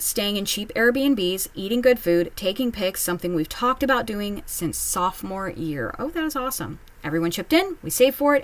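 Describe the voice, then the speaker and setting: A woman giving casual reaction commentary while reading online posts at home, chatty and candid, with quick asides. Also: a little high. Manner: chatty, candid, quips and mimics others in asides. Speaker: online post reader and commentator.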